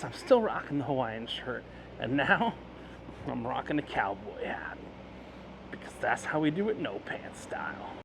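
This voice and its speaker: A man chatting excitedly in a casual travel vlog, rambling with fillers as he explores roadside stops. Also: medium pitch, a little hiss or hum. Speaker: travel vlogger. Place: roadside stores and outdoors.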